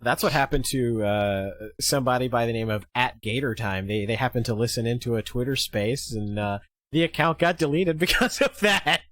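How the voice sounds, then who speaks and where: A young man chatting on a podcast in a loose, excitable way, swearing freely. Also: medium pitch, normal speed, no echo. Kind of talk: casual podcast chat.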